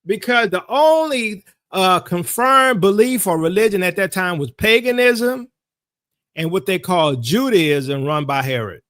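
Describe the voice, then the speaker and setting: Guy preaching hard, high tense voice, keeps hammering the same lines, dry close sound. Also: lively intonation, measured pace, a bit bright, dry recording. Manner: emphatic, insistent, repeats key phrases. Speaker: Bible teacher. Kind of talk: sermon-style teaching.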